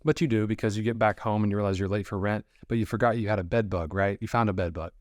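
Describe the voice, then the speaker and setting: A man's voice: fairly low pitch, fairly even intonation, fast talker, a little mellow, dry recording, studio quality. A young man, an actor sharing his experiences in a rambling, self-deprecating podcast monologue, acting out bits of dialogue.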